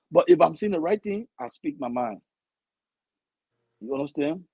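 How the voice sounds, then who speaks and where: Male talk show guest, husky tone, muffled and dry audio. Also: a little high, animated, normal speed, dry recording. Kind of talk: casual talk show discussion.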